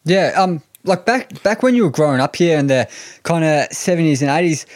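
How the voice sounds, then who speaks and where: A man's voice: fairly high pitch, lively intonation, a little fast, a little mellow. A man co-hosting a podcast, asking questions hesitantly with lots of "like" and "kinda". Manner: hesitant, many fillers like "like" and "kinda". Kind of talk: casual interview chat.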